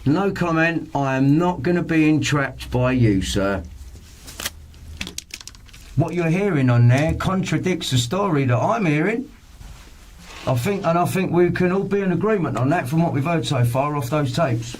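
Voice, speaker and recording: A man's voice: on the high side, lively intonation, normal speed. A man being questioned by police, answering curtly and defensively. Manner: defensive, curt. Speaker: interviewee in police interview. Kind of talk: police interview.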